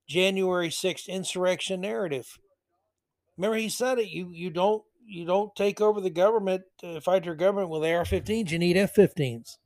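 Sarcastic male podcast host, high voice. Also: dry recording. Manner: sarcastic, mocking asides; reads article passages aloud. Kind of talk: political commentary podcast.

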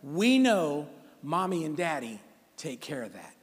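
High, animated male preacher in a church hall. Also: a little slow. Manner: animated, exhorting, joking with the congregation. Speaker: pastor. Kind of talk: sermon. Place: church sanctuary. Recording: long church hall reverb.

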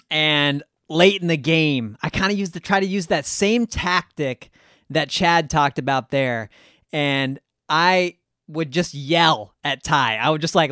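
A man co-hosting a podcast, sharing a memory in a relaxed, reflective way. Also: fairly high pitch, clear, resonant tone, no echo, studio quality. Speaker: podcast co-host. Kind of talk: casual podcast talk.

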